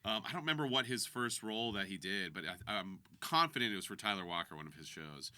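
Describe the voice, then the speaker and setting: Guy cohosting a podcast, chatty storyteller, lively ups and downs in pitch, dry close sound. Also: fast, dry recording. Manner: chatty, animated storytelling with quoted voices. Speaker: podcast co-host, voice actor and director. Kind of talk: casual chat.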